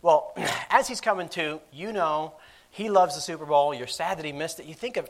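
A man's voice: on the high side, moderate pace. A man preaching a sermon in a conversational style, acting out quoted voices with lots of fillers.

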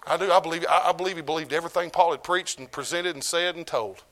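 Preacher swinging loud to hushed. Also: male voice, a little high, quick pace. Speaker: pastor. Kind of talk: sermon.

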